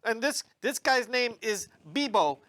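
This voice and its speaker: A man telling a Bible story to children in a playful, animated way, sometimes stumbling over his words. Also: extremely high pitch, measured pace. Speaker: uncle storyteller for kids.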